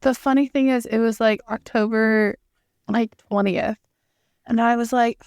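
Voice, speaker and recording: A young woman co-hosting a podcast, telling stories in an animated, excitable way. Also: fairly high pitch, a little slow, smooth, no echo, clean studio sound. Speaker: podcast co-host. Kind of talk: casual chat.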